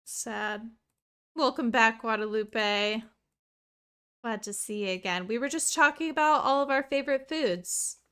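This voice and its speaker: Host casting: a bubbly woman gamer chatting over gameplay, bright, slightly high voice. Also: a little slow, clean tone. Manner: chatty, excitable, rambling asides. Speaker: streamer. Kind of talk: let's play commentary.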